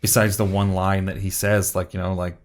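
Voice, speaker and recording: A man's voice: sits low, little pitch movement, a little fast. A young man co-hosting a casual movie review podcast, stammering through restarts and trailing off. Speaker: podcast co-host.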